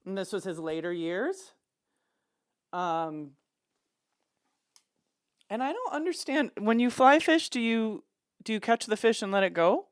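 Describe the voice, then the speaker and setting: A woman hosting a fan livestream in casual chat, chatty and excitable. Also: medium pitch, unhurried, pauses often, clean tone. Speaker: livestream host.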